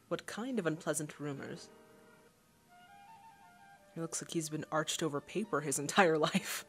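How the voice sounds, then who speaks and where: A woman's voice: low voice, unhurried, long pauses, soft background music. A woman hosting a casual movie reaction, chatting and thinking aloud as the film plays.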